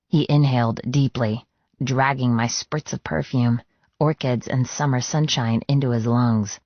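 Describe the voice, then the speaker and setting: A man giving a measured, even and intimate scripted audiobook narration. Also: medium pitch, no echo. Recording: dull, lo-fi dry studio read.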